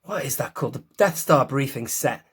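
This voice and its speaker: Male host, chatty collector vlog, mid-pitched, rambling with lots of asides. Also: lively intonation, brisk, a bit bright, slightly rough. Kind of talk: casual toy review vlog.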